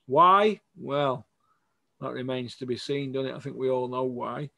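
A man hosting a show, giving a blunt, sweary opinion rant with loud outbursts. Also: mid-range voice, unhurried, creaky, slight background noise. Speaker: host.

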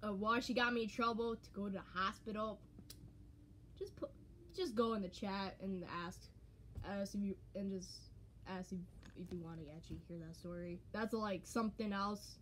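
A woman's voice: medium pitch, fairly even intonation, normal speed, fairly bright tone, a little hiss or hum. A young woman reading her own old story aloud on camera, swearing, laughing and mocking herself. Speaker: YouTuber. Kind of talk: reading old writing aloud with comedic commentary. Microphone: handheld camera.

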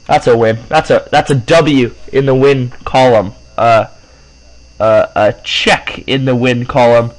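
A young man doing let's play commentary, excitable and prone to high yelps and shrieks. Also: unhurried, rough recording. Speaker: gameplay commentator.

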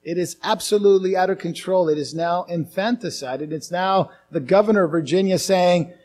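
A male pastor preaching a conference sermon, animated, slipping into mocking quoted voices. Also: on the high side, normal speed. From outside the US.

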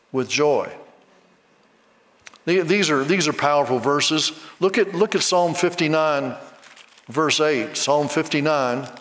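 A man with a high voice preaches slowly and emphatically to a congregation, repeating his phrases and calling for responses. His voice carries a long reverb through a large hall. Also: fairly bright tone. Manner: leads the congregation in call-and-response and rhythmic mock laughter. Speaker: Bible college teacher preaching. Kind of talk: sermon.

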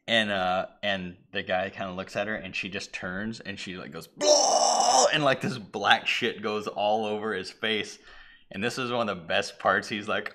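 A low-pitched man with a bright, forceful edge to his voice, chatting casually as a stream co-host. He rambles through a story, stopping to act out the characters with yells and hushed whispers. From Irish heritage (family, not place). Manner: rambling, acts out lines with shouts and whispers. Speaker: podcast co-host. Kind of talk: casual chat retelling a movie.

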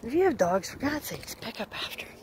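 A breathless woman films herself climbing a hill outdoors, chatting and laughing at herself along the way. Her voice is mellow, with a pitch that rises and falls a great deal. She speaks slowly, with a faint hiss of background noise. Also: very animated. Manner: chatty, self-mocking, talks to camera while hiking uphill. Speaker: vlogger. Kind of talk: casual walking vlog.

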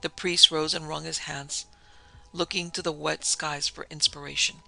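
Gravelly, bright-voiced male storyteller. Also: fairly high pitch, little pitch movement, faint music behind, poor audio. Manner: measured, solemn reading. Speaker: narrator and podcast host. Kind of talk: scripted narration of a gothic story.

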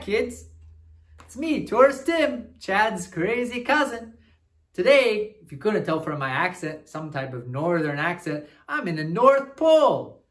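A man's voice: high-pitched, heavily acted. A man playing a goofy, upbeat traveling cousin who teaches a children's Bible lesson in character. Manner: animated, talks straight to kids with frequent "right?".

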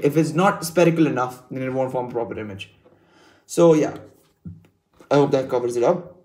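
A young man casually walking viewers through exam questions, chatty and relaxed, talking to them like a friend. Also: a little high. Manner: chill, chatty, swears, addresses viewers as guys. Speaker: tutor explaining exam slides. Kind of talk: casual exam-revision lesson.

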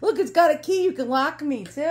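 A woman's voice: high-pitched, animated, normal speed, a little hiss or hum. A middle-aged woman with a New York accent, chatting casually and giggling as she shows her glass collection. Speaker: antique collector vlogger. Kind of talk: casual show-and-tell.

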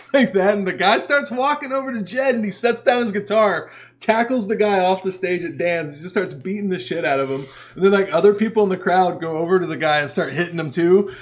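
Animated storytelling man, slightly high voice. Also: moderate pace. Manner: profane, laughing, animated storyteller. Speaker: podcast co-host, punk musician. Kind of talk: casual chat, storytelling.

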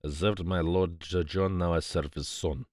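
A solemn older servant, grave and secretive, speaking slowly in a hushed, deep voice, as a male reader puts him on. Heard a little off the mic. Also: steady tone, dry recording, studio quality, natural voice. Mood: foreboding.

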